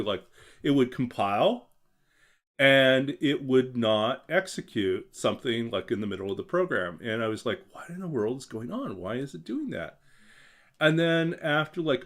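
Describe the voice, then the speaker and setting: A man's voice: medium pitch, fairly bright tone. A young man streaming a game and chatting casually about coding, rambling and hesitant with many fillers and restarts. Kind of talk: casual chat while gaming.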